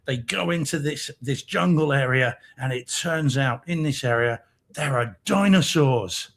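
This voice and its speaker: A man's voice: medium pitch, unhurried, creaky. A British man co-hosting a casual live-stream chat, rambling and hesitant with lots of ums, laughing often. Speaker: co-host. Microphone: remote video-call mic.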